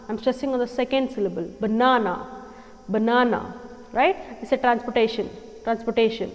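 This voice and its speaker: A woman's voice: on the high side, a little fast, big-room sound, poor audio. A woman with an Indian English accent teaching an English lesson, stressing and repeating words to drill pronunciation.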